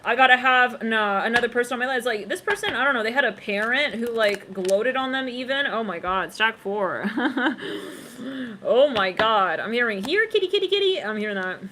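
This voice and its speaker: A woman's voice: on the high side, moderate pace, bright, forceful tone, a little hiss or hum. A woman doing a casual psychic tarot reading, rambling and chatty, talking straight to her viewers and humming snippets of song. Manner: rambling, laughs often, breaks into snippets of song; chatty, addresses viewers directly. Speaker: tarot reader.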